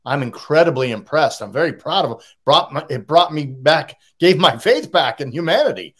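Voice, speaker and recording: A man's voice: fairly high pitch, animated, moderate pace, a bit bright, slightly rough. A middle-aged man with a Boston accent, a podcast guest giving blunt, cynical opinions in casual talk. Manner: blunt, cynical, plain-spoken.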